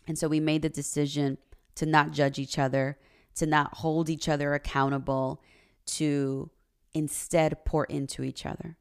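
Woman, podcast host, low voice, earnest confessional monologue. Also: little pitch movement, normal speed, vocal fry, a little mellow, clear, resonant tone. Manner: earnest, confessional, emotional at times. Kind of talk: personal faith podcast monologue.

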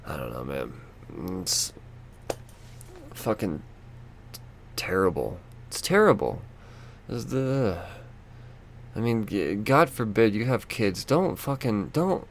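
A man hosting a solo podcast, ranting in a frustrated, profane way with lots of halting restarts. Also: fairly low pitch. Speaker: podcast host.

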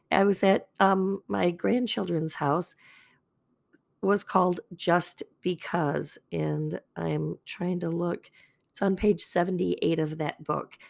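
An older woman hosting a faith podcast, talking calmly in a chatty, self-deprecating way. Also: fairly low pitch, creaky. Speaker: podcast host. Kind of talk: gentle faith podcast talk.

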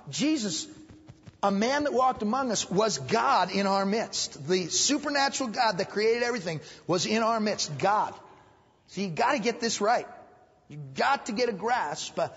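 A man with a high, slightly bright and a bit rough voice, a pastor teaching Sunday school, preaches a sermon emphatically, repeating phrases and raising his voice to drive points home. It's set in a church hall, and the recording sounds dull with long hall reverb.

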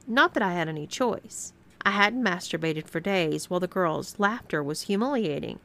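A woman reading a scripted first-person story aloud as narrator, with expressive storytelling. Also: on the low side, moderate pace.

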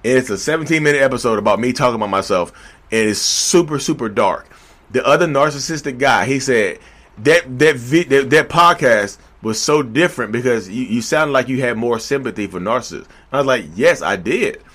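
A man's voice: mid-range voice, expressive, fairly quick, fairly bright tone. A man talking casually and animatedly to his viewers at a standing desk, a little out of breath, repeating himself and calling them y'all. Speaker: vlogger. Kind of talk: casual talk to camera.

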